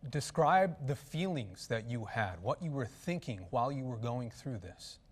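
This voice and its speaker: A male TV news anchor asking an interview guest questions in a brisk, formal way. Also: mid-range voice, big pitch swings.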